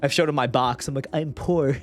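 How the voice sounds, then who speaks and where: A man's voice: mid-range voice, quick pace, faint music behind. A young man hosting a podcast, telling a story in casual chat, acting out the voices of the people in it and swearing freely. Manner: animated, acts out voices in anecdotes, swears casually. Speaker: podcast host.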